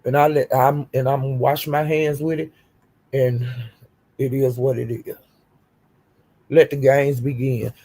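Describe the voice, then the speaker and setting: Older woman streamer, husky and gravelly, dark tone, profane defiant rant. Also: a bass voice, flat delivery, measured pace, long pauses. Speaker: YouTube streamer. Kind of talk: livestream rant.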